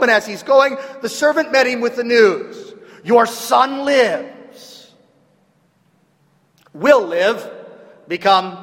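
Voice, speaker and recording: A man with a Southern US accent preaching a sermon as pastor, swinging from loud emphatic declarations to hushed, near-whispered lines. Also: sits high, in a large hall.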